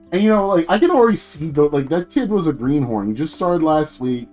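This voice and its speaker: A man's voice: a little high, sing-song, fast, few pauses, darkish tone, faint music behind. Slangy, swearing young man ranting. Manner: profane, slangy, acts out quoted people. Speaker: VTuber streamer. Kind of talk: casual ranting story to stream chat.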